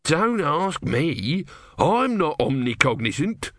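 A man's voice: on the high side, sing-song, slow, fairly bright tone, dry recording, clean studio sound, voice pushed up, full character voice. A man doing a grumpy tortoise god. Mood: offhand. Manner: petulant, sulky and offhand. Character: grumpy male god stuck as a small tortoise. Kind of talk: audiobook character voice.

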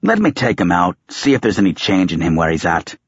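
A man's voice: deep voice, very animated, a little fast, slightly rough, dry recording, muffled recording, exaggerated voice. A man voicing a cranky, sardonic ancient male wizard who grumbles in a coarse, raised voice. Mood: gruff.

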